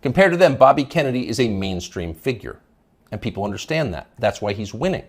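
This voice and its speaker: Man, news commentary host, scornful emphatic monologue, husky voice, wildly swinging pitch. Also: sing-song, a little fast. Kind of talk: opinion monologue.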